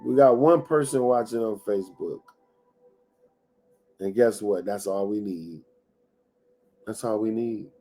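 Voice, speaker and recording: His voice is fairly low and dark, delivered at a measured pace with frequent pauses over soft background music. He hosts a live-streamed motivational talk, repeating himself preachily and speaking straight to the audience over and over.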